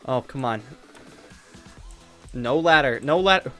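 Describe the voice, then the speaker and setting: He's a young gaming YouTuber talking over his own play, mumbling to himself between frustrated outbursts. The voice sits a little high and a bit bright, swinging widely in pitch at a measured pace with long pauses, and faint game music runs underneath.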